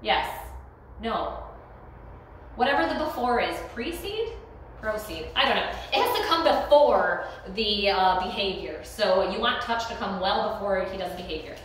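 A woman's voice: moderate pace, a little hiss or hum. Woman dog trainer, very echoey room. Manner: switches between calm explanation and high praise for the dog. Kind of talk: explaining while training a dog.

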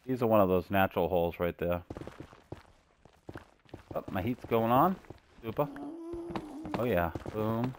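A man's voice: on the low side, a little slow, long pauses, a little hiss or hum. A man streaming gameplay live, chatting to his viewers and cracking puns as he plays. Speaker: gaming streamer.

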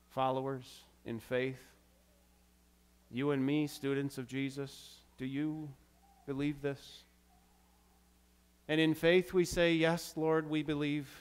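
Male pastor, slightly high voice, dramatic sermon delivery with hushed and loud turns. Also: smooth. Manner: dramatic, acts out quoted lines. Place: church.

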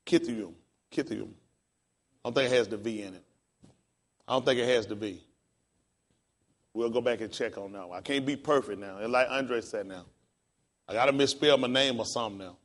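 A pastor teaching a class in a casual, encouraging way, spelling words out letter by letter. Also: male voice, mid-range voice, a little fast, long pauses.

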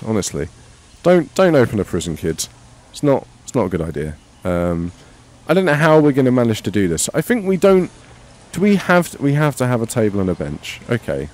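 A man's voice: medium pitch, a little mellow. A man hosting a casual let's-play, rambling, joking and swearing freely as he plays. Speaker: gaming channel host.

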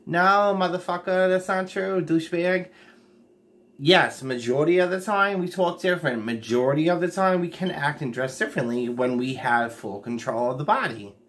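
A man rambles bluntly through a casual late-night livestream, swearing without restraint and with sudden leaps in pitch and loudness. He speaks briskly, barely pausing.

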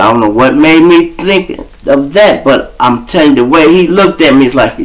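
A man around fifty with a Chicago accent, hosting his own show and telling a raw street story to his listeners, profane and blunt, breaking into loud acted-out voices. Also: medium pitch, lively intonation, moderate pace, few pauses, rough recording. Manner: profane, blunt, addresses listeners directly, acts out voices loudly. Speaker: show host.

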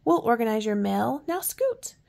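Storybook Mrs. Claus, read by a woman, gently bossy, fussing, fairly high voice. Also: big pitch swings, normal speed, gravelly. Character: kind bustling Mrs. Claus, older woman.

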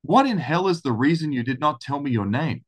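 A man's voice: on the high side, expressive, fairly quick, pitched above the performer's own voice. A man voicing an angry frontier marshal who swears and demands answers, in a raised voice. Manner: indignant, swearing.

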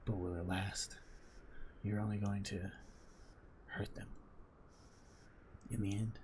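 Game villain: a man playing a dark, whispering shadow, menacing and low. Casting note: keep it quiet and cold. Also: level tone, slow, background noise.

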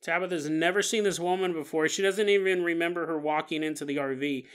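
A male podcast host retells a paranormal story in a casual, joking way, laughing at his own asides. His voice sits high and sounds bright and forward. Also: fairly even intonation, fast.

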